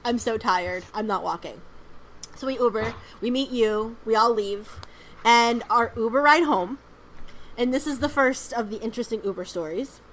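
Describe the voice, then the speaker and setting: Speaking at normal speed with a slightly high, fairly bright voice, a woman co-hosts a podcast over slight background noise in a low-quality recording. Her casual, rambling stories lean heavily on "um" and "like," and she swears freely.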